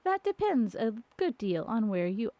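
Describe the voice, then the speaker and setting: A woman voicing a calm, riddling grinning cat in a storybook reading, slow and teasing. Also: on the high side, no echo. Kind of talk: storybook reading on a live stream.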